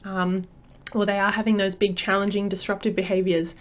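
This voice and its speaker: A woman's voice: medium pitch, flat delivery, fairly quick. A woman, a parenting coach talking casually to camera in an upbeat, chatty way with many fillers.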